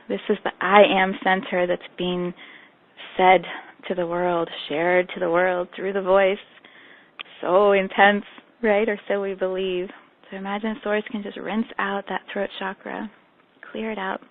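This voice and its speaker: Woman meditation guide, gentle and affirming, slightly gravelly, tinny phone-line audio. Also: mid-range voice, little pitch movement, unhurried. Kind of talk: guided meditation on a group call.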